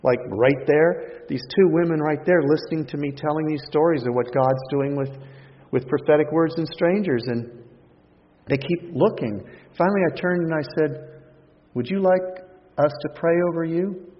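A male pastor with a somewhat high voice tells sermon stories with self-mocking humor, playing out the voices of the people in them. His words ring with a long echo through a church auditorium. The recording sounds dull and lo-fi. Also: moderate pace. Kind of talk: sermon storytelling.

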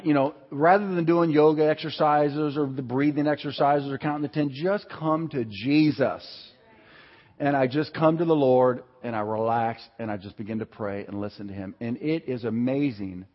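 A man preaching a sermon in a lively, conversational way, swinging between loud and soft delivery. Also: medium pitch. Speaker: pastor. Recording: dull sound with long hall reverb.

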